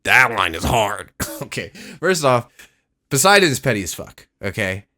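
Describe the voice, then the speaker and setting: A young man giving casual, excitable reaction commentary, profane and slangy. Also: mid-range voice, normal speed. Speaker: reaction video host. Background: song playing faintly.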